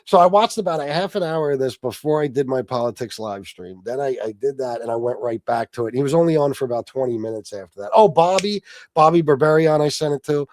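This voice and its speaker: A man of Sicilian heritage hosts a casual livestream, telling a story with lots of swearing and laughter and reading his chat aloud to answer it. His mid-range voice is a little mellow, with lively intonation and a quick pace, recorded with no echo.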